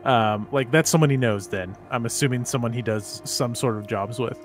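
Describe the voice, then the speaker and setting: A man's voice: medium pitch, normal speed, faint music behind. A man playing a tabletop role-playing game, describing what his character does in a hesitant way full of "like". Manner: hesitant, peppered with "like". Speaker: player.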